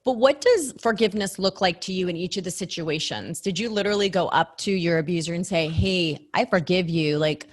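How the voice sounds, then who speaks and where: A woman's voice: lowish voice, fast, few pauses. Earnest woman hosting a faith podcast. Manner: earnest, encouraging, reflective. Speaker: podcast host.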